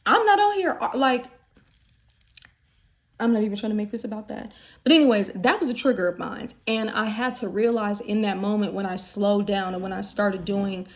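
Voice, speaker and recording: A woman from the United States talks straight to camera in a relaxed vlog. Her voice sits at an everyday middle pitch. She rambles in a chatty, candid way with plenty of fillers. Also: moderate pace. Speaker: vlogger. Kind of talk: candid casual chat.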